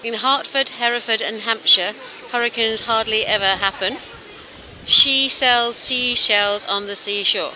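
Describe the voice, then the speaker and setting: A woman's voice: on the high side, steady tone, unhurried, sharp tone, a little hiss or hum, poor audio. A woman from Derbyshire reading test phrases aloud at an outdoor market. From Derbyshire, England. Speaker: interviewee.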